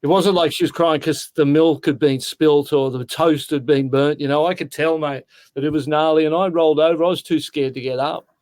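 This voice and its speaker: A man's voice: on the high side, fairly even intonation, a little fast, a little mellow. A sixty-year-old Australian man telling stories in a casual interview, talking in an earnest, heartfelt way and often calling the listener mate. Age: 60s. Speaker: guest.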